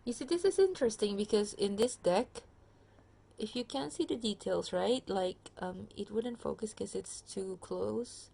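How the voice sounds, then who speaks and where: A tired woman gives a relaxed pick-a-card tarot reading straight to her viewers. Her voice has a gravelly fry and sits at an ordinary middle pitch. She speaks loosely into her phone camera, full of ums and restarts. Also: a little slow. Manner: chatty, many fillers and restarts, addresses viewer directly. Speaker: tarot reader.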